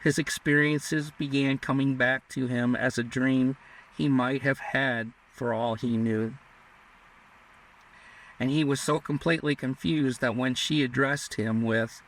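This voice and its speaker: A man narrating an audiobook in a measured, even reading manner. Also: mid-range voice. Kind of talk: scripted narration. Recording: distant mic.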